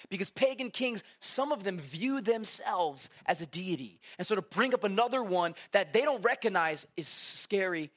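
A man preaching a casual sermon, talking to the crowd like a friend, with quick asides and acted-out quotes. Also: high-pitched, lively intonation, fairly bright tone. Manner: conversational, acts out quotes, many asides.

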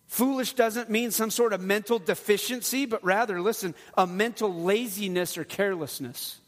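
A middle-aged pastor with a high-sitting voice delivers a sermon at a moderate pace. He preaches earnestly and conversationally, slipping in bits of humor, and the recording has a long hall reverb.

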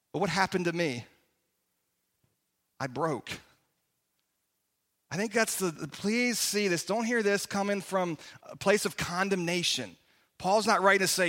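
A man's voice: sits high, in a large hall. A middle-aged man preaching a sermon, telling stories with comic asides and acting out voices. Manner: animated storytelling, acts out voices, comic asides. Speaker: pastor.

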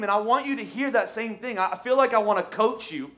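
Brief: male pastor, 30s, fairly high voice, lively sermon delivery, calls on the congregation to join in. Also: quick pace, few pauses. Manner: energetic, urges the congregation to respond. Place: church stage.

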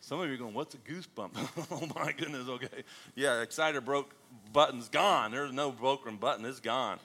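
A man preaching a sermon to his congregation, animated and joking, often calling out questions to the room. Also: mid-range voice, normal speed. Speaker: pastor.

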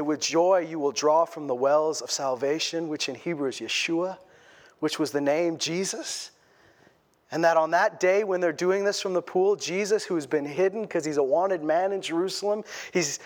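A man delivers a sermon in a conversational way, often repeating a word before pressing on. His voice sits high for a man. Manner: conversational, repeats words while building a point. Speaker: pastor.

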